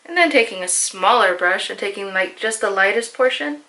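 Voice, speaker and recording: Young woman, beauty vlogger; bright, chatty, self-deprecating, casual tutorial read. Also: mid-range voice, animated, moderate pace. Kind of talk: casual makeup tutorial voice-over.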